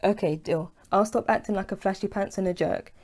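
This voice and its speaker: A woman's voice: mid-range voice, brisk, darkish tone, lightly acted. A woman reading as a smug, pushy young man. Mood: persuasive.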